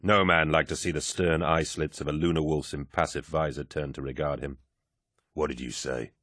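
Audiobook narrator: a man with a very low voice, even delivery, dry studio sound. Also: fairly quick, no echo. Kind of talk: scripted narration.

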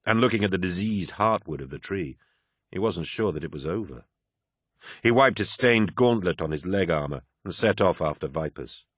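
A man narrating an audiobook in a measured, grave manner. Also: low voice, expressive, slightly rough, dry recording, studio quality.

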